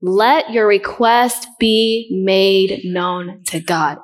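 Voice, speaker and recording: A woman's voice: mid-range voice, steady tone, drawn-out words, hardly any pauses. A middle-aged woman preaching a sermon in an earnest way, asking the listeners questions and repeating her key points.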